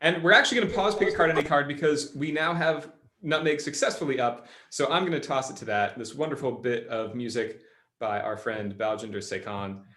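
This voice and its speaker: A man's voice: mid-range voice, a little fast, a bit bright. An upbeat man hosting a live virtual show over a video call, introducing acts and giving cues. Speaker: performer and host. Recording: echoey room with music behind.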